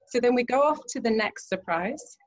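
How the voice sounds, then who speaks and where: A woman guest in an interview, telling a lively anecdote and acting out what people said, laughing often. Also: on the high side, normal speed, low-quality recording. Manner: animated anecdote with acted-out quotes, laughs often. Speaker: guest, romance event planner. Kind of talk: storytelling in an interview.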